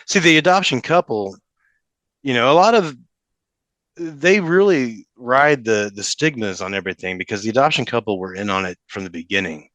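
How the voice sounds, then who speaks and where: A young adult man, a podcast guest, talking emotionally with halting restarts. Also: medium pitch, lively intonation, fairly bright tone, no room sound. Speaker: podcast guest, father in custody case. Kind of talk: casual interview talk.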